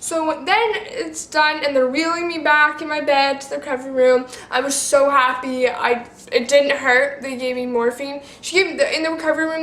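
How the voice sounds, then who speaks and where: A woman's voice: sits high, fairly bright tone, echoey room. A teenage girl vlogger telling a personal story to camera in a rambling, casual way, full of "like" and restarts.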